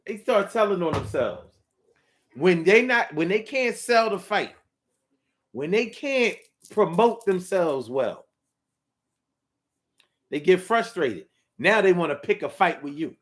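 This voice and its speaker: A man with a fairly high voice gives a casual monologue straight to his audience. He talks emphatically and loops back over the same phrases to drive each point home. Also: lively intonation, takes it slowly, long pauses. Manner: emphatic, repeats phrases for effect. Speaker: vlogger.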